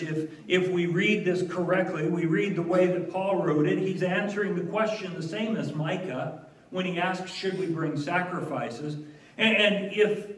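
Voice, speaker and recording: A man preaching a sermon in a church, earnest and emphatic, with wry asides. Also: high voice. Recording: echoey room, voice from a distance.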